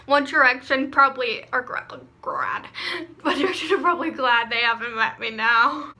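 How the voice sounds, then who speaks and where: A teenage vlogger from Pennsylvania, USA reads her old fan fiction aloud into a phone camera, giggling and mocking it with plenty of "like" and "um." Her high-pitched voice is bright and forceful at a moderate pace.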